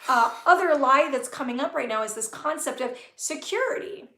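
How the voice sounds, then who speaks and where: High-voiced woman coach, echoey room. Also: lively intonation, normal speed, bright, forceful tone. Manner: earnest, flowing, many fillers and repeats. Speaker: spiritual business coach, host. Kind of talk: live-stream talk to viewers.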